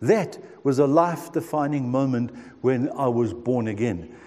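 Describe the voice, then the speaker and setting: A preacher in his sixties shares his own story in a sermon testimony, speaking earnestly and straight to his listeners. His medium-pitched, slightly mellow voice has lively intonation at a normal pace, heard in a large hall.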